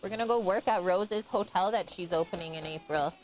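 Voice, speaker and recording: A woman's voice: fairly low pitch, fairly quick, a little hiss or hum. Chatty woman streaming while she cooks. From Canada. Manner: chatty, thanks viewers by name, laughs often. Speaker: streamer cooking on a live stream. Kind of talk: casual live-stream chat while cooking.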